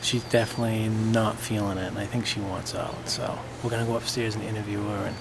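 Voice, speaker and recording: A man's voice: lowish voice, level tone, a little fast, creaky, echoey room. Male ghost-hunt host, mid voice, matter-of-fact, hissy recording. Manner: plain, matter-of-fact, with some "uh" fillers. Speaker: lead investigator and show host. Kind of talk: ghost-hunt narration and wrap-up. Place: old theater.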